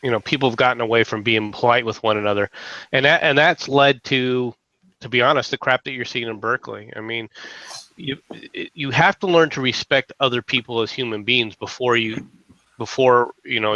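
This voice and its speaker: A man's voice: mid-range voice, bright, forceful tone, no room sound. A man in casual chat, opinionated and earnest, restarting his sentences. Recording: dull lo-fi sound.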